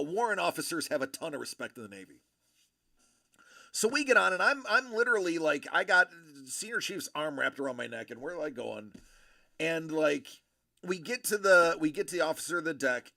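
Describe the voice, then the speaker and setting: A man in his thirties telling a story in casual chat, acting out the people in it with animated voices. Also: fairly high pitch, gravelly, no echo, studio quality. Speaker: show host telling a story.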